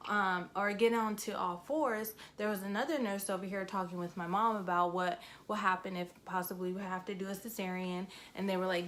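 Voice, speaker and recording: A woman's voice: mid-range voice, fairly bright tone. A young woman in her twenties, vlogging a casual story time, chatty and full of fillers, emotional as she retells it.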